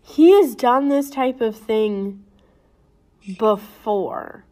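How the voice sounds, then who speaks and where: Slow-talking young woman chatting about a book. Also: on the high side, dark tone. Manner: slow, laughing, teasing. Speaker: podcast co-host. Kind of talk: casual book discussion chat.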